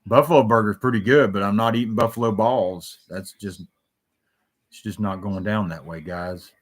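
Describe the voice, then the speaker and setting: A man's voice: fairly low pitch, normal speed. A man hosting a solo talk show, rambling and jumping between stories, swearing freely.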